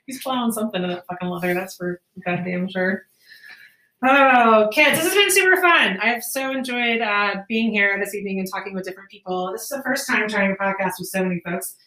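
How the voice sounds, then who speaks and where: Fast-talking woman with a roomy, distant sound. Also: mid-range voice. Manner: profane, animated storytelling with laughs. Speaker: podcast host. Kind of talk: casual storytelling chat. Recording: roomy, distant amateur podcast mic.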